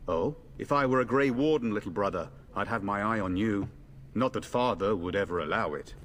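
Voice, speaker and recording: A man's voice: fairly low pitch, animated, brisk, a bit bright, slight background noise. A man voicing a confident, jovial warrior in a fantasy game. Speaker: game character. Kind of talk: game voice acting.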